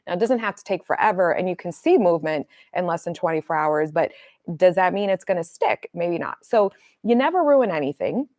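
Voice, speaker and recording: A middle-aged woman coach talking casually on a livestream, blunt and animated, swearing freely as she tells stories. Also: on the low side, fairly quick, no echo, studio quality. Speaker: manifestation coach.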